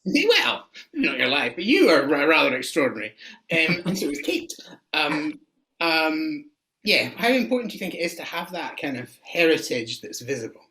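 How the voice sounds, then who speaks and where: A man's voice: fairly high pitch, very animated, normal speed, noisy background. A man interviewing a guest, asking questions with many hesitant fillers.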